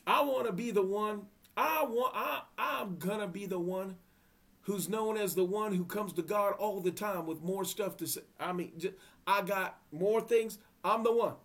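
A man's voice: high-pitched, fairly bright tone. A man preaching a sermon, fervent and emphatic, repeating his phrases for emphasis. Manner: drops to a whisper at times.

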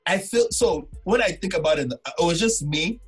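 A man talking as a guest on a casual podcast, telling stories in an excitable way, laughing and restarting often. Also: high voice, moderate pace, breathy edge, soft background music. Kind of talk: casual conversation.

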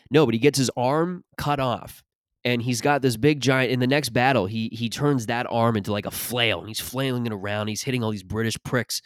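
A podcast host who is also a stand-up comic delivers a casual, profane comic monologue that wanders between topics and restarts often. He is a little short of breath after an allergic reaction. His medium-pitched voice is captured in studio quality with no echo.

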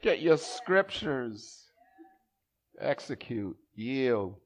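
A male pastor delivers a sermon during a church service, his mid-range voice stretching out words. He is animated and funny, trading banter with the congregation and shouting to drive points home.

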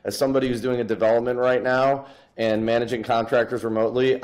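A man's voice: mid-range voice, flat delivery, fast talker, few pauses, darkish tone. A man hosting a podcast interview, asking questions with loose, casual phrasing and dry sarcastic asides. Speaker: podcast host.

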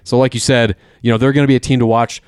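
A man's voice: mid-range voice, level tone, fast, darkish tone, clear, resonant tone, no room sound, clean studio sound. A man co-hosting a casual sports talk show, eager and tripping over terms as he explains. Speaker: co-host.

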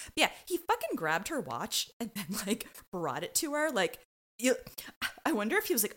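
A woman's voice: on the high side, wildly swooping pitch, a little fast, fairly bright tone. A woman co-hosting a podcast, chatting casually and playfully acting out little voices. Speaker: podcast co-host. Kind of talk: casual recap chat.

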